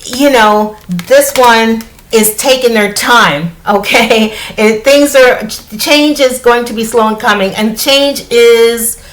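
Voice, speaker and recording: A middle-aged woman from the United States talks her viewers through a tarot spread in a relaxed, chatty way. Her voice sits a little high, and she keeps checking in with a quick "okay?" as she goes. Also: rough recording. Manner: chatty, repeats "okay?" often, animated. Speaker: tarot reader. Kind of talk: casual spiritual tarot reading.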